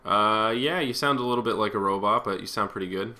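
A man's voice: fairly low pitch, fast, sharp tone. A young man co-hosting a casual online show, rambling in a laid-back way with lots of fillers while he plays a game. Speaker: podcast co-host. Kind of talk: casual chat while gaming.

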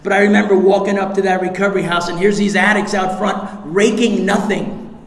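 A man sharing his recovery story at a meeting, animated and acting out the voices of others, sometimes shouting for effect. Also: sits high, brisk. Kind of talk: recovery share to a live audience. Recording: echoey hall recording with audience.

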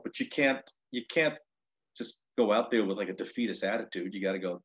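A low-voiced male comedian tells his stories in a loose, rambling way, circling back with 'you know' and false starts. The recording sounds dull and lo-fi. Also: a little fast, a bit bright, slightly rough. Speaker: stand-up comedian, interview guest. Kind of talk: casual storytelling.

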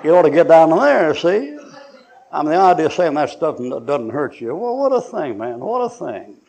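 In a church sanctuary, an older pastor preaches in a folksy, joking way, acting out little scenes, doing voices and laughing often. His slightly high voice is gravelly and darkish, very animated, at a moderate pace.

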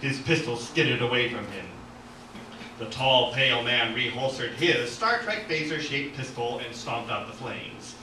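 A man reading from his own novel at an open mic in an art gallery, animated, with asides and self-corrections. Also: mid-range voice, a little slow, noisy background. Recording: echoey gallery from far off.

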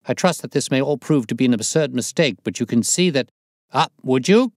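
A man doing a loud, exclaiming police inspector. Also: medium pitch, expressive, fairly quick, dry recording, clean studio sound, voice pushed up, natural voice. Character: blustering middle-aged male police inspector. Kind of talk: audiobook reading.

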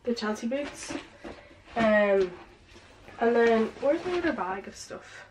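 A woman's voice: fairly high pitch, animated, slow pace, background noise. Chatty breathless young woman. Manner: chatty, filler-heavy, lots of "like" and "um". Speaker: vlogger. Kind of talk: casual present haul vlog. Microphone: camera with ring light.

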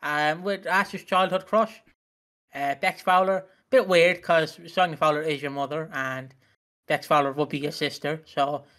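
A man co-hosting a podcast, joking and swearing in casual chat while recapping a soap, quick to laugh. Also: fairly high pitch, steady tone, a bit bright. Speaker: podcast co-host.

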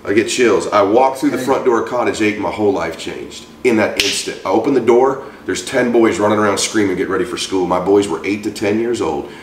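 A man in his forties, a guest in an interview, telling a personal story with lively acted-out voices for the people in it. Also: lowish voice, a little fast, hardly any pauses, far from the mic, a little hiss or hum. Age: 40s. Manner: animated storyteller acting out quoted voices. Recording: roomy, from off-mic.

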